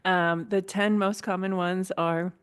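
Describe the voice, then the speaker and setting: A woman's voice: fairly low pitch, flat delivery, measured pace, smooth. A woman in her forties, a podcast guest, explaining things in casual interview chat with frequent "um" and "you know".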